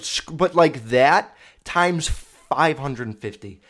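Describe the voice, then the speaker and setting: A young podcast host tells stories in a casual monologue, his fairly high, bright voice expressive and slow, recorded on a video podcast mic. He rambles, swears, and corrects himself as he goes.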